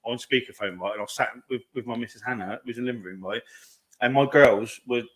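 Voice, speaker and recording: A man, talking fast and emphatically in a casual podcast chat, swearing often and calling his listener "mate". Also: mid-range voice, a bit bright. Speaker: podcast co-host.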